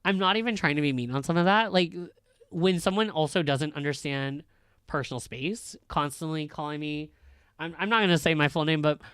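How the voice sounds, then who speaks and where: Man, high school teacher, casual rant, blunt, profane, smooth voice, dry room. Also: fairly quick, a bit bright, dry recording. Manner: candid, blunt and profane, filler-heavy. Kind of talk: casual ranting chat.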